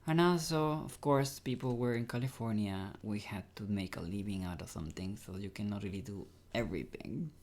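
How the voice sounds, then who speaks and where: A man with a Mexican accent, a Spanish speaker talking as an actor guest in a casual interview, halting and restarting as he searches for English words. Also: fairly low pitch, a little mellow.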